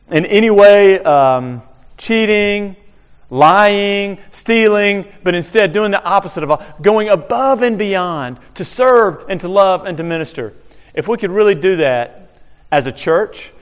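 A man preaching a sermon in a chapel, talking in a casual, animated way with frequent restarts. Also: on the high side, in a large hall. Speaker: chaplain preaching. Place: chapel on a military base.

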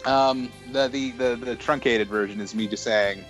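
A man playing as a contestant in a podcast quiz, joking and buzzing in with a quick word. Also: mid-range voice, fairly even intonation, music in the background. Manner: jokey, buzzes in with a quick "hey". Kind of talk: casual podcast banter.

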